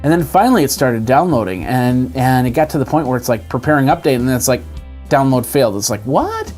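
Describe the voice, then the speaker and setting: A man's voice: mid-range voice, expressive, quick pace, darkish tone, soft background music. Chatty man demoing a tablet. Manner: chatty, demonstrating on screen as he talks. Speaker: tech video host. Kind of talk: casual tech walkthrough. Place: indoors at a desk with a TV and monitor.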